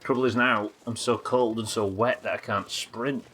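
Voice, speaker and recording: A man's voice: fairly low pitch, fairly even intonation, moderate pace, fairly bright tone, husky. A British man giving live commentary while streaming a game, swearing often, muttering to himself and chatting with his viewers. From Britain.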